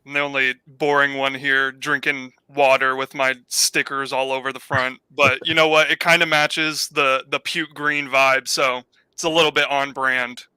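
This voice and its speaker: A man's voice: medium pitch, level tone, normal speed, few pauses, sharp tone, clean tone, no room sound. A man from California chatting casually as a guest, easygoing and restarting his sentences. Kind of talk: casual chat.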